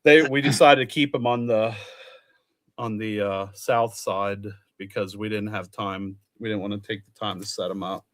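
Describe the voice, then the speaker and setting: A man's voice: on the low side, steady tone, moderate pace, fairly bright tone. Chatty man recapping results. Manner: rambling, chatty, reads out results. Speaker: truck pull official. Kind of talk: casual recap chat.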